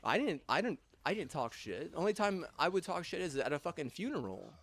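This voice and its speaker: Young adult male, slightly high-pitched, angry profane ranter who rambles and restarts. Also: very animated, a bit bright. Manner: angry, heavy swearing, halting restarts and fillers.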